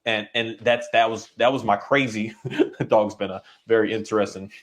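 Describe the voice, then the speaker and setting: A man who works as a dog trainer, talking in a casual, rambling and halting way, now and then voicing his dog's thoughts. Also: on the low side, steady tone. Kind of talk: casual conversation.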